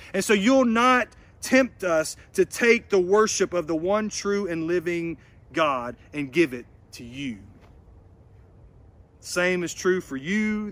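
Man, fairly high voice, sermon, earnest and measured delivery. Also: fairly bright tone. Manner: earnest, measured preaching with quoted dialogue. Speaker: preacher.

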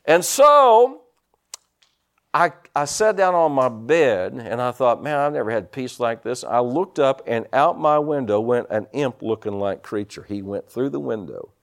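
A man's voice: mid-range voice, a little slow. A man preaching a sermon, telling personal stories and punctuating them with amens and hallelujahs. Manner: animated storytelling with frequent amens and hallelujahs.

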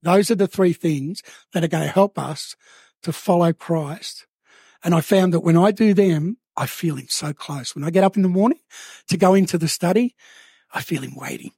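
Earnest high-voiced male preacher. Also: gravelly, a little mellow, husky, no echo, clean studio sound. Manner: earnest, slows down to stress key phrases. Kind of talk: sermon.

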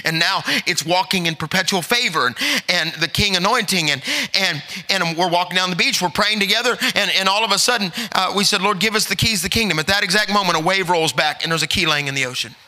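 A man's voice: high-pitched, brisk, pushed and bright. A middle-aged man preaching as an evangelist, telling stories and building to emphatic urging. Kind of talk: sermon. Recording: long hall reverb.

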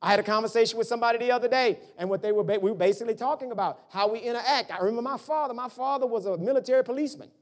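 A man's voice: very high voice, racing, few pauses. A man preaching a sermon, telling family stories and acting out the voices of his parents. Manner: animated preaching with storytelling and voiced family dialogue. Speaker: pastor.

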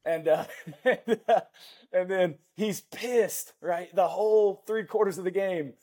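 A middle-aged man, a former pro football lineman, guesting on a podcast and telling rambling, animated anecdotes with acted-out dialogue. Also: sits high, moderate pace, slightly rough. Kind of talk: casual storytelling chat.

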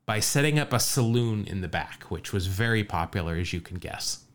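A man's voice: lowish voice, lively intonation, moderate pace, few pauses. A man co-hosting a podcast, telling baseball history in casual chat with frequent laughs and asides. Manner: laughs often, storytelling with asides. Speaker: podcast co-host.

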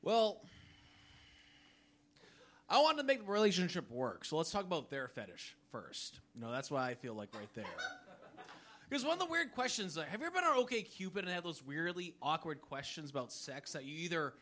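Wry, chuckling high-voiced man. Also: very animated, normal speed, a bit bright. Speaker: comedy debate contestant. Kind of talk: stand-up style banter.

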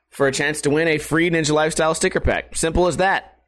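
A man's voice: on the high side, fairly quick, fairly bright tone. A man hosting a podcast in a crude, rambling, jokey comedic monologue. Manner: crude, rambling, jokey, puts on silly voices. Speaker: podcast host.

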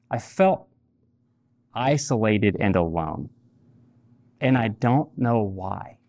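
A man's voice: medium pitch, darkish tone, dry recording, studio quality. A man preaching a sermon, telling a personal story candidly and repeating key phrases for weight. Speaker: pastor.

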